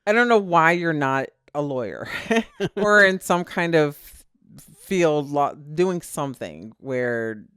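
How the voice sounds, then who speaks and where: A woman's voice: low-pitched, slow, clean tone, no room sound, studio quality. A middle-aged woman co-hosting a podcast with her son, telling stories in casual chat, laughing often and acting out quoted lines. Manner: animated storyteller, laughs often, acts out quotes. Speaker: podcast co-host.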